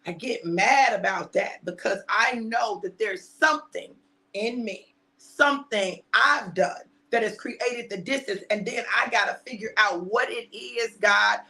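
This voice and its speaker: A middle-aged woman preaching an energetic sermon, animated and repetitive, laughing and shouting for emphasis. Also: mid-range voice, unhurried. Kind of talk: energetic sermon on a live stream.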